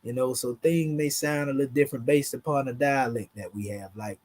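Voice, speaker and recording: Southern drawl guy teaching off charts, husky voice, casual and emphatic. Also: mid-range voice, fairly quick, darkish tone. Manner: conversational, emphatic, slangy. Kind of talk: casual online lesson.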